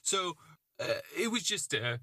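A man's voice: high voice, sing-song, measured pace, pushed and bright, husky, dry recording. A man who is the game master, chatting on a podcast, agreeable and laughing often. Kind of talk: casual podcast chat.

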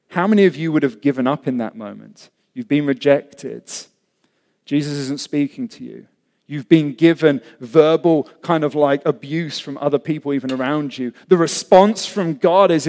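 A man preaching a sermon to his congregation, impassioned, swinging between loud cries and hushed lines. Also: fairly high pitch, measured pace. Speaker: pastor. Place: church hall. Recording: long reverb of a large hall.

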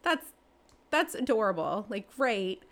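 A woman, answering interview questions in a chatty way, with many fillers and restarts, her pitch jumping up when she gets excited. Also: measured pace. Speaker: real estate agent and team leader.

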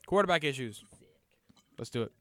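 A man leads a casual sports chat in an upbeat, chatty way. He is a little under the weather. His voice sits at an ordinary pitch and sounds dry and close to the mic. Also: expressive, moderate pace, a bit bright, no echo.

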